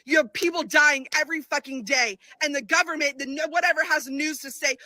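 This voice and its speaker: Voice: sits high, brisk, pushed and bright, no room sound. A speaker in a played clip ranting furiously, swearing and hammering the same phrase again and again. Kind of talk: angry eyewitness rant.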